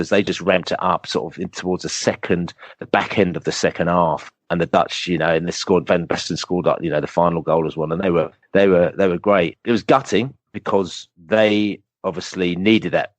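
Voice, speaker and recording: A man, a podcast guest telling animated, rambling football fan stories full of fillers. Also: deep voice, fairly quick, hardly any pauses, no room sound. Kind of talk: casual storytelling interview.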